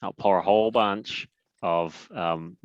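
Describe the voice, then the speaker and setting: Low-voiced dry-witted man, muffled mic. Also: takes it slowly, clean tone, no room sound. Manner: questioning, dry wit. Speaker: player. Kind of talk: tabletop game play.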